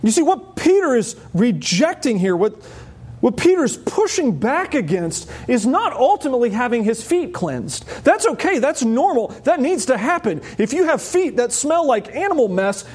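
Animated, high-voiced male pastor preaching. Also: normal speed, breathy edge. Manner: animated, wry, often laughs. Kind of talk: sermon.

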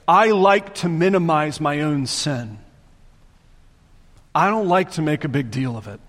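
A pastor from the American South preaches with a slightly raised pitch, pressing his points through repetition. He often sinks into quiet, low-voiced emphasis. His voice carries a long reverb tail from a large hall. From Southern United States. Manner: emphatic, repeats phrases for force, drops to quiet low tones. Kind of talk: sermon.

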